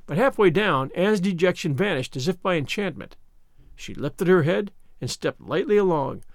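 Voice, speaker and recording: A man narrating a classic novel as an audiobook, telling the story in an expressive, measured way. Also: high-pitched, no room sound, clean studio sound.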